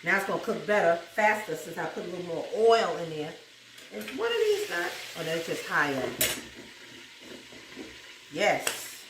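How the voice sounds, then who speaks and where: A woman's voice: lowish voice, sing-song, moderate pace, pauses often, far from the mic, noisy background. A woman with a New York accent hosting a home cooking video, chatting casually, laughing often and breaking into gospel song. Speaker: cooking show host. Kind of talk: casual cooking chat with bursts of gospel singing. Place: home kitchen with food frying. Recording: roomy kitchen audio from off-mic.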